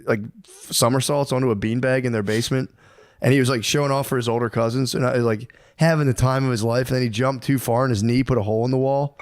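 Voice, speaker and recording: A man's voice: medium pitch, quick pace. A man in his thirties co-hosting a podcast, telling crude stories in a casual chat and laughing often. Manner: crude, laughing, animated storytelling. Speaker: podcast co-host.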